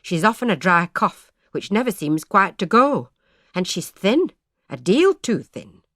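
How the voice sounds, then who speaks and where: A woman voicing a chatty young village maidservant who gossips in a lively way. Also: mid-range voice, unhurried, no echo, studio quality. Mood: gossiping.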